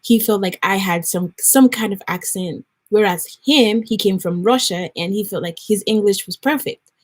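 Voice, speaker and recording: A woman's voice: medium pitch, moderate pace. A young woman from Nigeria, chatting earnestly to the camera as she gets ready and tells a story. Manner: earnest, storytelling, lots of likes and restarts. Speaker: vlogger. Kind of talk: casual chat while getting ready.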